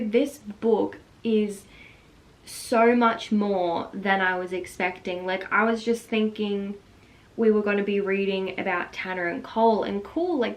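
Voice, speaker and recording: A young woman with a mid-range voice gushes about a book in a casual vlog, breathless with excitement and saying "like" constantly. The audio quality is poor.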